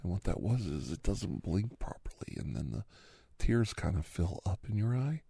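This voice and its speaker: A man hosting an ASMR podcast in a whispered role-play, rambling softly between a low voice and a whisper, recorded close in a quiet room. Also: big pitch swings, normal speed, creaky, slightly rough, no room sound. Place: quiet room near railway tracks.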